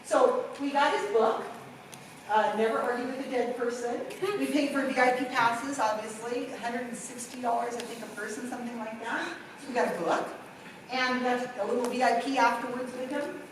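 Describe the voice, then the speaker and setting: A middle-aged woman giving a workshop talk, telling a story with lively, acted-out quotes. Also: fairly high pitch, moderate pace, background noise. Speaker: workshop presenter. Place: conference room. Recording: echoey room from far off.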